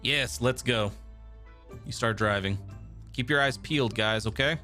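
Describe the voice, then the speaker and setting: A man streaming a story game live, reading its narration aloud in a mid-pitched voice with casual asides. Faint music plays in the background. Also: measured pace, sharp tone.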